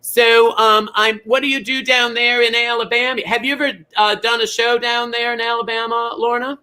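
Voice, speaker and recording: Campy, chatty bingo host, male, pitched high with a sharp brightness. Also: little pitch movement, moderate pace. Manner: chatty, scattered, jokey. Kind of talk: campy live bingo calling and chat.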